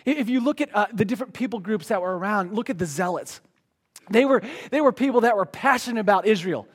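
High-voiced man preaching an animated sermon. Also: breathy edge. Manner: animated storytelling, reads scripture slowly then paraphrases casually; energetic, voices the crowd and the Pharisees in his retelling. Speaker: pastor.

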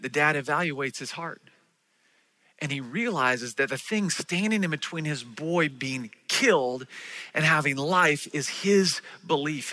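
A man preaches a sermon with a high, bright, ringing voice. He tells stories with energy and acts out the voices of the people in them. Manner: animated storytelling, acting out voices of people in the stories. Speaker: pastor.

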